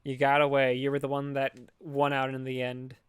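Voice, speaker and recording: Smooth-voiced sarcastic podcast guy. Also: medium pitch, monotone, normal speed, dry recording, studio quality. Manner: sarcastic, rambling, swears often. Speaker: podcast co-host. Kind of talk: casual movie review chat.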